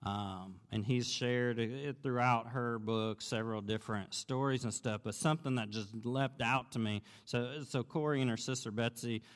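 A man preaching a sermon, telling a story in an earnest, conversational way that grows animated as he goes. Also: medium pitch, moderate pace, few pauses. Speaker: pastor. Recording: long reverb of a large hall.

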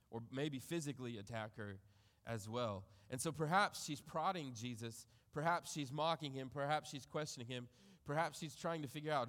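A man preaching a sermon, reading scripture aloud and reflecting on it in a measured way that trails off softly at the ends of phrases. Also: on the high side, in a large hall. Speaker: pastor.

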